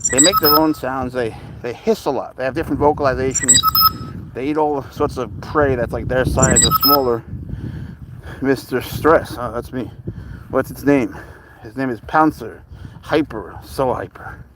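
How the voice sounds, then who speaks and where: A man's voice: medium pitch, normal speed, heavy background noise. A man hosting a casual live stream with his pet cat, chuckling as he answers viewer questions while walking outdoors. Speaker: livestream host with a pet serval. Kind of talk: casual live-stream chat reading comments.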